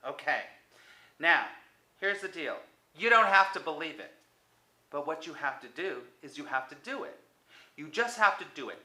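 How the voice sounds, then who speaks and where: A man giving a motivational self-help talk to the viewer, coaxing and repetitive, sometimes dropping to a soft near-whisper. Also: on the high side, very animated, normal speed, reverberant, poor audio.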